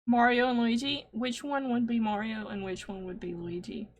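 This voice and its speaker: A woman's voice: on the high side, steady tone, normal speed, hardly any pauses. A woman co-hosting a casual stream show, teasing her co-host and laughing often. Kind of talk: casual chat.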